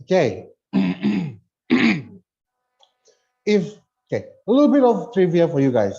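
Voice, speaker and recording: A man teaching an online English lesson, slowly reading a dialogue aloud and explaining pronunciation with chatty asides. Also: sits high, wildly swooping pitch, gravelly, mellow, lo-fi sound.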